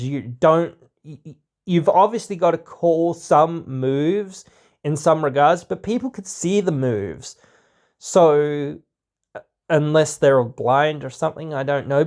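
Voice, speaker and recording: A man's voice: a little high, darkish tone. A man hosting a podcast, talking casually in a rambling way, with lots of fillers. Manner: rambling, heavy filler words. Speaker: podcast host.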